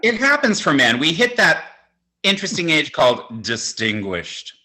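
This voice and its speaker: A man's voice: a little high, wildly swooping pitch, normal speed, pushed and bright, poor audio. A man in his sixties doing stand-up comedy, telling campy, self-mocking stories. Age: 60s.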